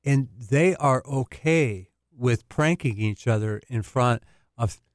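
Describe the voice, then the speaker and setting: A man's voice: medium pitch, takes it slowly, no room sound. Brief: man as counseling guest, good-humored, dry studio sound. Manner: laughs easily, good-humored. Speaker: Christian counselor, regular guest. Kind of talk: casual chat.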